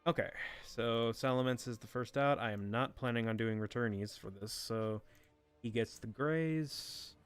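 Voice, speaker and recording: A man's voice: mid-range voice, unhurried, clear, resonant tone, soft background music. Casual, swearing young man thinking aloud. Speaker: fan game storyteller. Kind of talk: casual unscripted commentary.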